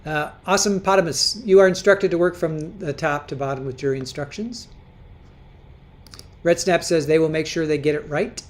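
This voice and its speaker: A woman hosts a casual livestream, reading viewer comments aloud as she chats and often repeating and restarting her words. Her voice sits low and moves at normal speed.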